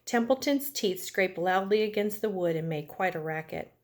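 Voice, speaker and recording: A woman teacher reading a chapter book aloud to her class, gently stopping to ask the children questions. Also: mid-range voice, expressive, moderate pace.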